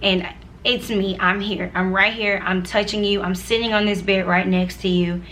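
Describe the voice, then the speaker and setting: A young woman in her twenties talks straight to her viewers, telling her story in a chatty, earnest way. Her voice is bright and clear at an ordinary pitch, and she speaks with plenty of "like"s and friendly asides. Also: fairly even intonation, normal speed, a little hiss or hum. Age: 20s. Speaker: vlogger sharing her faith testimony. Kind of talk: casual personal testimony.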